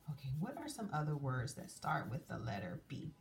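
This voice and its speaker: A woman's voice: very deep voice, huge pitch swings, a little fast, gravelly, few pauses. A woman teaching young children a drawing lesson, coaxing and sing-song as she draws and asks them questions. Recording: distant mic, faint room noise.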